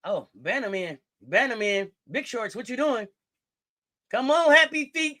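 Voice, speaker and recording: Woman host for a sports watch-along stream, high-pitched, loud and slangy as she cheers on the players. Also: expressive, normal speed. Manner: hyped, slangy, shouts at players. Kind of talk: live game watch-along commentary.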